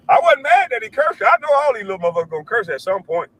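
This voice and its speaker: A middle-aged man rants into his show with a high, bright, cutting voice. He swears freely and preaches at his listeners. Now and then he mimics other people in an even higher voice. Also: quick pace, hardly any pauses, breathy edge, poor audio. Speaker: show host. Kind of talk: heated commentary rant.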